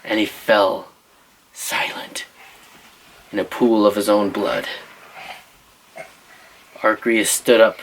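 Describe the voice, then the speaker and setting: A man's voice: lowish voice, fairly even intonation, slow, pauses often, a little hiss or hum, rough recording. A father telling an improvised choose-your-path story, playful and teasing, asking his listeners for choices.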